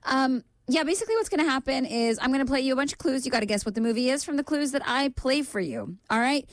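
A woman hosting a live morning radio show with a hoarse, croaky voice, chatty and laughing as she apologizes. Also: high-pitched, animated, quick pace, dry recording. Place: radio studio.

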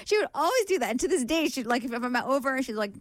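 A young Canadian woman hosts a morning radio show, chatting fast and freely with frequent "like"s. Her pitch moves a lot, rising and falling through every sentence. The close studio mic gives a dry sound. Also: expressive, dry recording. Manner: chatty, quick, says "like" often, laughs easily. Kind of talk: casual on-air banter.

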